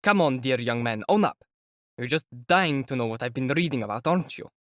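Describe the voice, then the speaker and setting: A man's voice: mid-range voice, expressive, fairly quick, dry recording, studio quality, natural voice. A man voicing a feverish young student who teases and taunts a clerk in an audiobook reading. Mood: mocking. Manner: taunting, teasing, then whispering.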